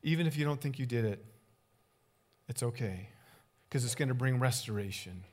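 A man preaching a sermon as a pastor, animated, acting out short dialogues with big swings in loudness. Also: medium pitch, moderate pace.

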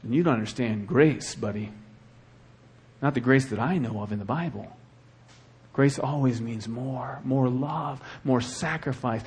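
A middle-aged male pastor preaching a sermon with animated delivery and acted asides. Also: mid-range voice, unhurried, husky.

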